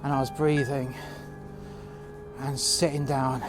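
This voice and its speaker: A man telling a first-person story outdoors in the cold, halting with fillers and breaking into profane outbursts. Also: mid-range voice, little pitch movement, music in the background.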